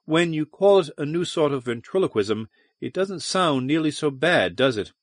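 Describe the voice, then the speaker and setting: A man's voice: on the high side, expressive, normal speed, no echo, studio quality, pitched above the performer's own voice. A man voicing a proud, haughty young noblewoman who serves as a naval officer, in a slightly raised, clipped delivery. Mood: musing.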